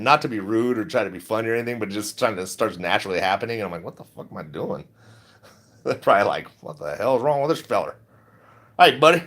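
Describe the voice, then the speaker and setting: A middle-aged man chatting casually on a livestream, rambling and laid-back, laughing often as he talks. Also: fairly low pitch. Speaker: stock vlogger.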